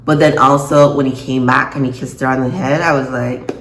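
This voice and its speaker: A woman reviewing a TV episode in a casual vlog, expressive and quick to laugh and gasp. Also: extremely low pitch. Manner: expressive, reacts with laughs and gasps. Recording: echoey room, faint noise.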